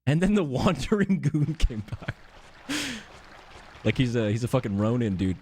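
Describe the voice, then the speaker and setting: A man's voice: medium pitch, big pitch swings, a little slow, warm tone, slight background noise. Joking male game streamer. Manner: laughing, swearing, joking reactions. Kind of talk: casual live-stream chat.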